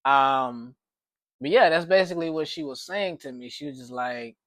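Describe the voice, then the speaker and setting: A man's voice: mid-range voice, normal speed, fairly bright tone, no room sound. A man telling a personal story in a casual, rambling way, with frequent restarts and repeated words.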